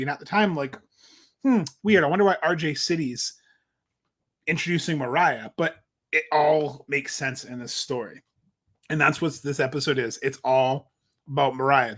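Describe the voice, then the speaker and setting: A young man with a slightly high voice co-hosts a podcast. He talks in a lively, animated way and keeps slipping into put-on voices to act out what others said. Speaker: podcast co-host. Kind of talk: casual chat.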